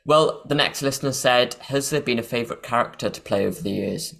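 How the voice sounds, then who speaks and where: A man's voice: mid-range voice, brisk, creaky, fairly bright tone. A man hosting an interview, reading out listener questions in a friendly way. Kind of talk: casual interview chat.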